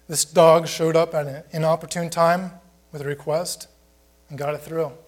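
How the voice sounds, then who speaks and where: A man preaching a sermon with a voice pitched a bit higher than most men. He speaks plainly and conversationally and keeps asking the congregation rhetorical questions. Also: flat delivery, normal speed. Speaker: pastor.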